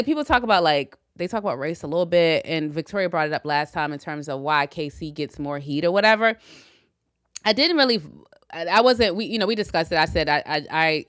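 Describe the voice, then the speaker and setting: A woman chatting casually as co-host, her voice smooth and fairly low, recorded close and dry. She is animated and opinionated, laughs often, and stumbles into restarts when she is unsure. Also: no echo. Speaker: podcast co-host. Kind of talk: casual chat recap.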